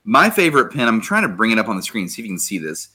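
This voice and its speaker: Bright-voiced male podcast host. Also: on the low side, big pitch swings, racing, husky. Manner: enthusiastic, swears casually. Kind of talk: casual chat, reading comments aloud.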